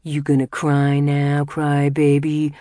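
A sneering, drunken older bully voiced by a woman spits taunts in a loud, strained shout that climbs high. His cruelty is constant and mocking. The sound is close and dry. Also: completely flat delivery, extremely slow, no echo. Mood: jeering, shouting.

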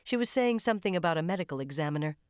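Low-voiced woman narrating a tense thriller. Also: animated, rapid-fire, dry recording, studio quality. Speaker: audiobook narrator. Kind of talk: first-person audiobook narration.

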